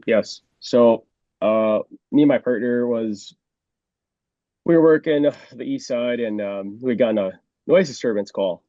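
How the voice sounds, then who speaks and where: A man's voice: medium pitch, unhurried, dark tone, no room sound, muffled recording. A man who used to be a police officer tells a story in a casual way, acting out the scene and laughing often. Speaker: former police officer guest.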